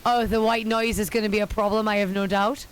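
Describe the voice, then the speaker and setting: A woman's voice: medium pitch, flat delivery, fairly quick, smooth. A woman streaming a game, chatting casually with self-deprecating jokes. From United States. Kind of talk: casual live-stream chat.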